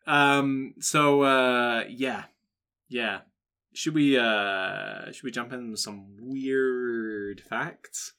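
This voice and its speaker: A man's voice: medium pitch, drawn-out words, bright, forceful tone, clear, resonant tone. A man co-hosting a podcast, chatting casually and explaining facts at length in a rambling, jokey way. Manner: rambling, explains facts at length, slips into silly character voices. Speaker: podcast co-host. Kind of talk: casual chat.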